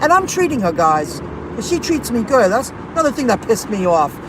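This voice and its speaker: Woman, driver-vlogger, chatty and indignant, slightly high voice, recorded in a loud car. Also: sing-song, fairly quick. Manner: chatty, indignant storytelling, reads viewer comments aloud. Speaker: rideshare and delivery driver vlogger. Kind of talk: casual venting chat to viewers. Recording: noisy car and street background.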